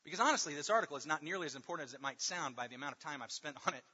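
A man preaching a sermon, emphatic and repetitive, drawing out key words slowly for stress. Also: fairly high pitch, expressive, sharp tone, slightly rough. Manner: emphatic, with rhetorical repetition and slow drawn-out stresses. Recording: long hall reverb, dull lo-fi sound.

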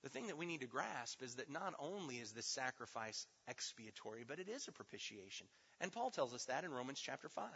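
A man preaching a teaching sermon, emphatic, swinging between loud stressed words and hushed asides. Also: mid-range voice, sing-song, fairly quick, hardly any pauses, slightly rough. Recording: dull sound with long hall reverb.

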